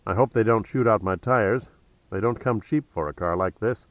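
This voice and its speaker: Guy doing a cocky wisecracking hero, low dry voice, kinda dull lo-fi sound. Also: no echo, lightly acted. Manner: dry, mocking and deliberate. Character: wry, cocky male adventurer, cool under threat.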